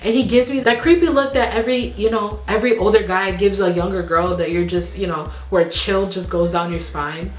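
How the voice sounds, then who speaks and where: A young woman vlogger, from the Midwest, telling a personal story in a casual, animated way with plenty of fillers and asides. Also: mid-range voice, fairly quick, hardly any pauses, roomy sound, soft background music. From Chicago.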